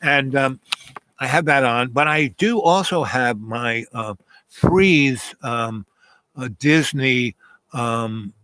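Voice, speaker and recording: Bright-voiced man rambling through a story. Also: medium pitch, slow pace, no room sound, low-quality recording. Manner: rambling, full of fillers and asides. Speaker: host telling a personal story. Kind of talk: casual anecdote.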